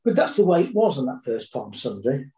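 A man's voice: medium pitch, very animated, fairly quick, mellow, echoey room, rough recording. A man preaching a sermon, telling the story dramatically with rising and falling intensity.

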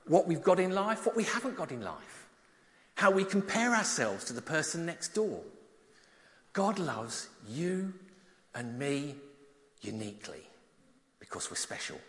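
A man preaching, telling a story with props and then reading a psalm, animated and at times dropping soft. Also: high voice. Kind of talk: children's talk and Bible reading. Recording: long hall reverb.

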